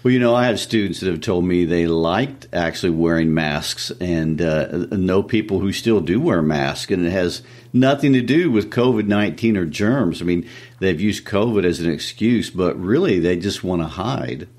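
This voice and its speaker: Very deep-voiced easygoing man. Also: normal speed, a little mellow. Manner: easygoing, thoughtful replies with ready laughter. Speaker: teacher and podcast co-host. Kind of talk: casual podcast discussion.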